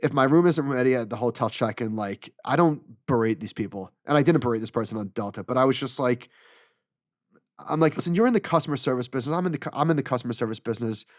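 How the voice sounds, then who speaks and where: A man's voice: mid-range voice, quick pace, no echo, clean studio sound. Exasperated man telling a story. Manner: animated, exasperated retelling with quoted dialogue. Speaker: podcast co-host. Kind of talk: casual storytelling chat.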